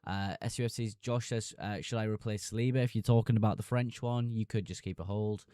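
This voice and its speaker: A man's voice: fairly low pitch, steady tone, fairly quick, warm tone, clean tone, dry recording, studio quality. A young man streaming live, reading chat messages aloud and answering them casually.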